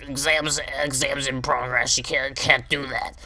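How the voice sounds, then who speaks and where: A man's voice: medium pitch, a little slow. A young man voicing a stern female teacher who curtly repeats herself. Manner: curt, repeats herself flatly.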